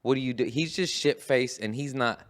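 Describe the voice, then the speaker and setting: A man who is a stand-up comedian, telling a story in casual podcast chat, animated and profane, acting out quotes. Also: medium pitch, brisk.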